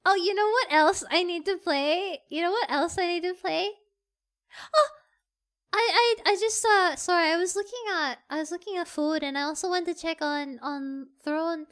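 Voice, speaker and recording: A streamer in casual live-stream chat at a desk microphone, giggly and excitable, breaking into squeals. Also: very high-pitched, moderate pace.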